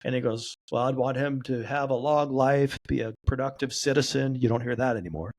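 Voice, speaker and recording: A man sits in as a podcast guest and tells a long story with real animation. He voices the people in it as he goes, shifting his delivery for each quoted line, with a middle-pitched voice. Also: brisk, darkish tone. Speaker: guest, trauma therapy practitioner.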